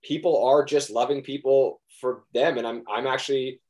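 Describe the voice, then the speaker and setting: A man's voice: mid-range voice, fairly even intonation, normal speed, a little mellow. A young man, an actor being interviewed, talking earnestly in a rambling way with many restarts. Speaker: actor guest. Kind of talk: casual interview chat.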